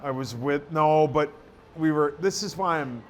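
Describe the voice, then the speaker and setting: Male co-host, boisterous raconteur, voice pitched slightly high. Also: measured pace, slight background noise. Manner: loud, joking storyteller. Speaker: podcast co-host. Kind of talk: casual chat. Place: live taping venue.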